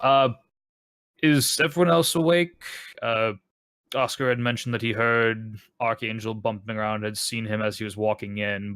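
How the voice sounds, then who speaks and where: A man's voice: fairly low pitch, fairly bright tone, no room sound. A man talking in character as a tabletop roleplaying player, playful and teasing.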